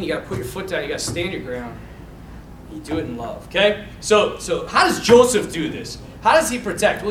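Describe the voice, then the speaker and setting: Animated priest in an echoey room. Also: male voice, high-pitched. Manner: animated storytelling, laughing often. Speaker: Catholic priest. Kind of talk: informal talk to a men's group. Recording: echoey room, mic far off, faint noise.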